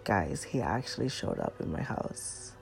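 Woman, gravelly voice, slow pace, chatty storytime confession to viewers. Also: a bass voice, sing-song, faint music behind. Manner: chatty, confiding, addresses viewers as guys. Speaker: storyteller vlogger.

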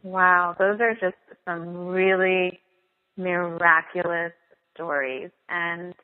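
Woman radio host, lowish voice, soft trailing reactions, tinny line with long reverb. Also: fairly even intonation, slow. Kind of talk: radio interview.

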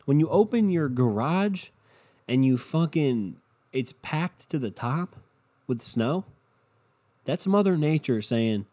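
A man's voice: fairly high pitch, very animated, unhurried, warm tone. A young man hosting his own podcast, ranting in a rambling, profane, worked-up way. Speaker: solo podcast host. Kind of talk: casual unscripted rant.

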